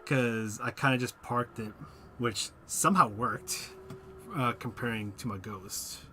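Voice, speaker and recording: A man's voice: mid-range voice, measured pace, noisy background. A man livestreaming a racing game, chatting casually and self-deprecatingly with viewers while he plays, and sounding sleepy. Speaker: gaming livestreamer. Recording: loud game music behind the voice. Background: game music and car engine sounds.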